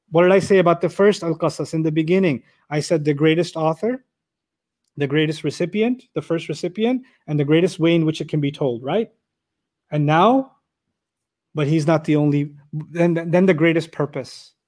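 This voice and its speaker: A man lecturing on Quranic verses, posing rhetorical questions and reciting Arabic passages quickly between explanations. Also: on the high side, a little mellow. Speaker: Quran teacher.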